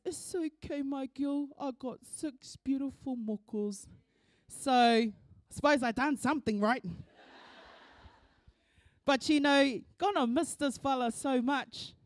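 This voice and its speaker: A woman's voice: high-pitched, no room sound, clean studio sound. A middle-aged woman with a New Zealand accent gives an emotional eulogy in a church. She tells family stories and mixes Māori words into her talk. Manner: warm, laughing through tears, mixes in Māori words. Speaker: eulogy speaker, daughter of the deceased. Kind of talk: emotional storytelling at a funeral service.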